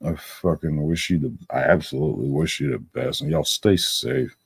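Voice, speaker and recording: A man's voice: rumbling low, big pitch swings, normal speed, creaky, breathy edge, dry recording. A man hosting a live stream, chatting casually and reacting with loose, profane remarks. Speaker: stream host.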